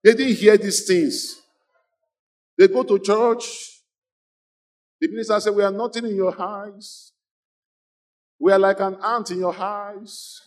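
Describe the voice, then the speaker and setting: A man preaching a fiery sermon, leading the crowd in call-and-response chants and bursting into shouts. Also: sits high, steady tone, slow, long pauses. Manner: exhorting, repetitive, bursts into shouts.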